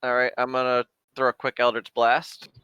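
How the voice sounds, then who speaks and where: A man's voice: medium pitch, completely flat delivery, moderate pace, sharp tone, smooth. A man playing a tabletop game, chatting in a playful, bouncy way with silly sound effects. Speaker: player. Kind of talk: casual tabletop game chat.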